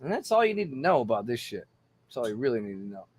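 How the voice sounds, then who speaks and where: A man's voice: medium pitch, sing-song, fast talker, a little mellow, breathy edge, dry recording. A tipsy man hosting a casual livestream, rambling and swearing between laughs. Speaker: livestream host.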